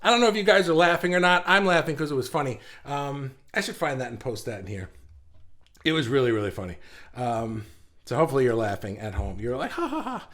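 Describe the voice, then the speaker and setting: A man's voice: medium pitch, fairly quick, fairly bright tone. A middle-aged man hosting a casual live stream, chatty and rambling, reading viewer comments and laughing at himself.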